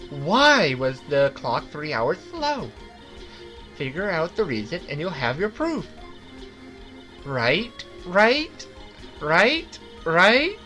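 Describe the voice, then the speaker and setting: A woman voicing a calm, encouraging woman lawyer mentor in a fan voice-over of a game, with a steady coaching tone. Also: on the low side. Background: game music.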